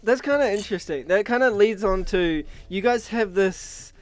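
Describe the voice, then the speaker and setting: A man with a higher voice and an Australian or New Zealand accent hosts a casual podcast. He asks easy, curious questions and keeps the chat loose. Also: moderate pace. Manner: relaxed, curious interviewer. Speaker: podcast host.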